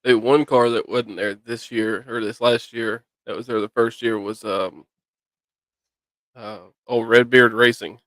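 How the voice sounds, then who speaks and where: A man's voice: medium pitch, steady tone, measured pace, fairly bright tone, dry recording. A man, joining the casual chat with easygoing, chuckling remarks. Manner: easygoing, chuckling, short replies.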